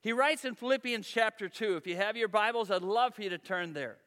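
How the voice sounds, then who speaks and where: A man's voice: high-pitched, a little fast, bright, forceful tone, smooth, in a large hall. A man preaching a sermon as pastor, talking in a conversational, folksy storytelling way.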